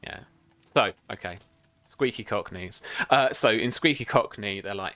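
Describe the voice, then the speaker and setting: A man's voice: fairly low pitch, a little slow, fairly bright tone, no room sound. A man as game master of a tabletop game, rambling with many fillers and restarts. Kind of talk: narrating a tabletop game on a stream.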